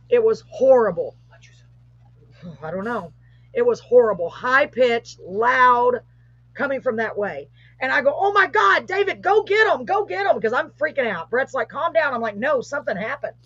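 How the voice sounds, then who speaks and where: A middle-aged woman hosts a live show, telling a ghostly story with growing excitement and an animated voice. Her voice is husky and a little breathy. The sound is muffled and lo-fi, like a live stream. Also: on the high side, dry recording. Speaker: host. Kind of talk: casual storytelling, paranormal tale.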